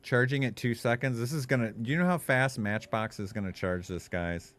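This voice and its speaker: A young adult man giving animated, profane gaming commentary, laughing often and chatting to his viewers. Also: medium pitch, a little fast. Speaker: streamer.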